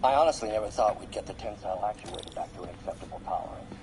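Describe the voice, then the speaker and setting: An actor playing an older male scientist recording a log, measured and earnest, over background noise. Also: on the low side, vocal fry.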